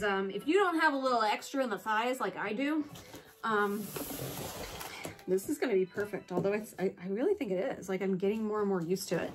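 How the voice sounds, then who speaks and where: A woman chatting casually through a product haul, gushing and excitable, often breaking into squeals of delight and correcting herself mid-sentence. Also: mid-range voice. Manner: chatty with self-corrections and asides. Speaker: home and collectibles vlogger.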